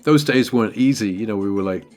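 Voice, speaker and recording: An English man in his fifties, a guest guitarist telling stories in an interview in a chatty, animated way, full of "you know" and "like". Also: on the low side, quick pace, soft background music. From England. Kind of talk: casual storytelling in an interview.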